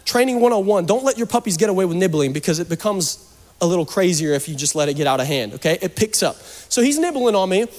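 Male pastor, high voice, jokey conversational sermon that builds to fervent urging, church hall reverb. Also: expressive, fast talker, a little mellow. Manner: joking, conversational preaching that rises to fervent urging.

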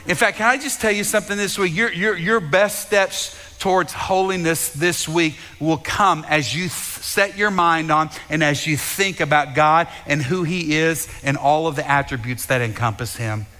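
A man with a high, bright voice preaches to his congregation. He is fervent and repetitive, often doubling his words as he speaks straight to his listeners. His voice rings out with a long reverb in a big hall. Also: normal speed, few pauses. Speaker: pastor. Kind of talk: sermon.

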